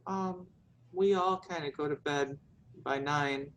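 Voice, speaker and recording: A man voicing a meek, obedient young girl who works in her father's bakery, speaking in soft, hesitant replies. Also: fairly high pitch, slow, slight background noise, pitched above the performer's own voice, rough recording. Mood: shy.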